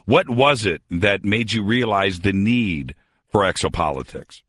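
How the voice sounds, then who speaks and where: A man's voice: lowish voice, lively intonation, measured pace, a bit bright, dry recording, clean studio sound. A man hosting an interview, asking eager, admiring questions. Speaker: interview host. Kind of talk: radio interview.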